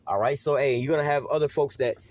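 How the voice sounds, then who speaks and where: A man preaches a casual scripture lesson, talking quickly and loosely, with "man" and "you know" in nearly every breath. His voice sits at an ordinary middle pitch. The recording is dry and close, with almost no room sound. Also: no echo. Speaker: lay preacher.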